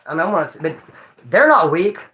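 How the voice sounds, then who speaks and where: Brief: bright-voiced man spinning slangy, cussing stories, roomy echo. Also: on the high side, quick pace. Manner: animated, slangy and profane, acting out quotes. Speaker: storyteller recounting prison life. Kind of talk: casual storytelling monologue.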